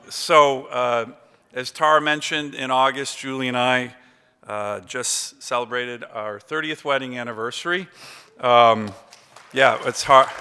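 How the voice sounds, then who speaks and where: A man's voice: medium pitch, bright, forceful tone, clear, resonant tone. A man in his fifties giving an after-dinner award acceptance speech, telling chatty stories with many fillers. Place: large banquet hall. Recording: long reverb of a big hall.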